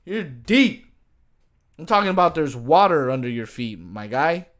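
A man's voice: medium pitch, lively intonation, fairly quick, fairly bright tone. A man and streamer ranting jokingly to camera in a casual, profane, slang-heavy way. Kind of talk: casual comedic rant to camera.

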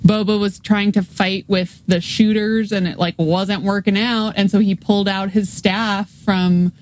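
Quick-talking woman in casual chat. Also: mid-range voice, fairly even intonation, a little mellow. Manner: quick, eager to argue a point. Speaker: podcast co-host.

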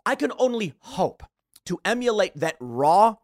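A man's voice: high-pitched, measured pace, dry recording, clean studio sound. A man hosting a show, giving blunt, opinionated political commentary and mimicking the people he talks about. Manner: blunt, animated, mimics others mid-rant. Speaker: show host.

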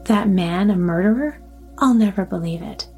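A woman's voice: mid-range voice, moderate pace, soft background music, natural voice. A woman voicing a kindly, fretful old grandmother in a storybook reading. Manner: fussing, soft-hearted.

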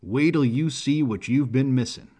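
Brief: man reading as a laid-back pilot, husky, folksy drawl, storybook. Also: mid-range voice, warm tone, natural voice. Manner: slow folksy drawl, colloquial. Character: big, folksy rural pilot, easygoing.

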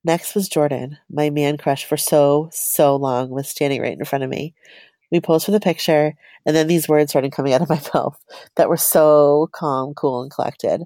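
A woman's voice: deep voice, fairly even intonation, normal speed, mellow, dry recording. A woman co-hosting a podcast, reading a personal story aloud in a chatty, giggly way.

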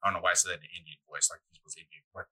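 A young man co-hosting a podcast, telling a long profane story in a rambling, animated way. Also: low voice, rapid-fire, low-quality recording. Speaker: podcast co-host. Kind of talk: casual storytelling chat.

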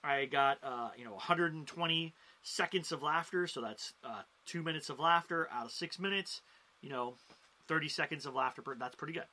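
A man hosting a talk show on stand-up comedy. His voice is bright and a little high for a man. He is animated and jumps in pitch and loudness to stress his points. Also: brisk. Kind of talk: casual talk to camera.

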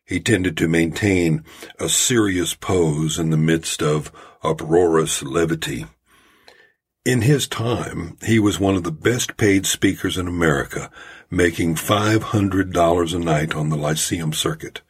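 A man hosting his own storytelling podcast, talking in a measured, folksy way. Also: low-pitched, husky. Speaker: podcast host. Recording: home-made podcast audio.

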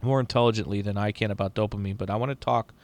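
A man's voice: on the low side, steady tone, rapid-fire, a little mellow. A middle-aged man in casual chat as a podcast host, rambling and profane with lots of restarts.

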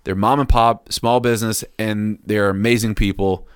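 A man co-hosting a podcast, trading crude jokes and curses in loose casual chat. His voice is smooth and resonant. The sound is dry and close to the mic. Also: lowish voice, fairly even intonation, moderate pace, dry recording. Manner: crude, joking, swears a lot. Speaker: podcast co-host.

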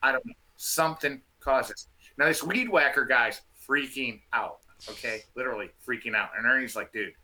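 A man telling a field story in a casual, animated way, restarting his sentences often. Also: mid-range voice, normal speed. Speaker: field researcher guest.

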